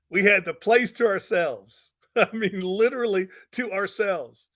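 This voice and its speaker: A man, a pastor, giving a motivational talk with energetic storytelling and repeated phrases for emphasis. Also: sits high, slow pace. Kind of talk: motivational talk to network marketers.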